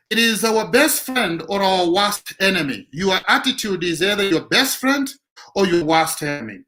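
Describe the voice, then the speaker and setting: Male motivational speaker, preachy delivery, very animated intonation. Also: high voice, poor audio. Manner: preachy, repeats key lines for emphasis. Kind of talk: motivational talk.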